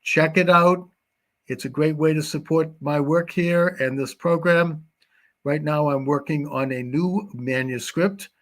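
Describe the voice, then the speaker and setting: A man's voice: a little high, a little slow, a bit bright. A man hosting a live talk show, thanking his guest and chatting through plugs in an affable way.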